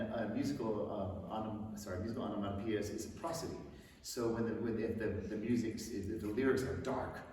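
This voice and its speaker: A bass singer introducing a song at a concert in a chatty, rambling way with frequent restarts. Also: male voice, noisy background. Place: concert hall stage. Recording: echoey hall from far off, with music.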